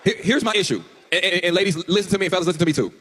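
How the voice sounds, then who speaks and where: A man's voice: high voice, animated, racing, fairly bright tone, in a large hall. A man hosting a podcast, earnestly explaining his view at length. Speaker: podcast host. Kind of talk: podcast discussion.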